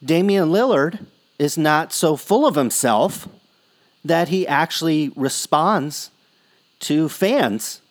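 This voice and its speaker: A man's voice: fairly high pitch, expressive, slow pace. Chatty male podcast host. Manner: rambling, conversational. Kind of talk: casual podcast chat.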